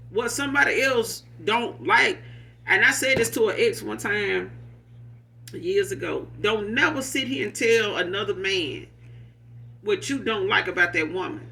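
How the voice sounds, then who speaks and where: High bright-voiced man giving a tarot reading. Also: creaky. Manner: rambling, profane, street-casual. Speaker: tarot reader. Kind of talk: casual spoken tarot reading.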